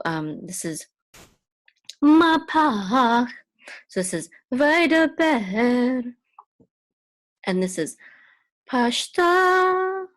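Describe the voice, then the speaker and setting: A woman teaching biblical Hebrew reading step by step, explaining in short pieces and singing out each word higher and louder. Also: no room sound. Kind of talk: slow step-by-step lesson with chanted words.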